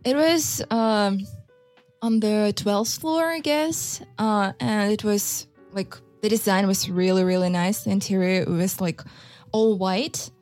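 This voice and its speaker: A mellow woman's voice, speaking slowly and hesitantly in a casual chat. She pauses often and fills gaps with ums and likes. Faint music plays in the background. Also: medium pitch. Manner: hesitant, slow, many fillers. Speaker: conversation partner.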